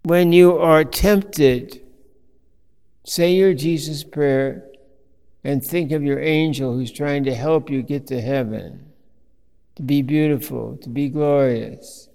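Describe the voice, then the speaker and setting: A man preaching a sermon as a priest, telling a story slowly with fillers and restarts. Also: on the high side, steady tone, gravelly, a little mellow, clean tone, long reverb tail.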